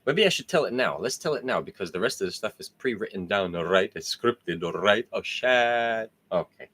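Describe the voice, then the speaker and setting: Jokey low-voiced man hosting a ramble. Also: animated, moderate pace, fairly bright tone, husky. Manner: laughs often, swears freely, jokey. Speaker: host. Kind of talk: casual rambling monologue.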